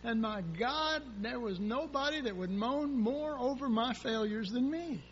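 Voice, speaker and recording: A man's voice: very high-pitched, unhurried. A man preaching a sermon in a folksy, rambling way, acting out prayers and asking the congregation questions. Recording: dull lo-fi sound with faint hum.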